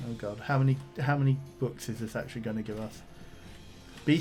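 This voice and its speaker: A man's voice: fairly low pitch, fast, darkish tone, faint music behind. A man streaming a video game, reading the on-screen text aloud and adding casual asides. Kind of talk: casual game let's-play commentary.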